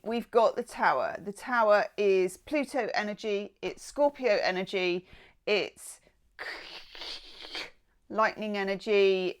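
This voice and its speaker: A woman talks through a tarot spread in a loose, chatty way. She wanders off into playful asides and jokes before coming back to the cards. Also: medium pitch. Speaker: tarot reader. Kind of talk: casual tarot reading.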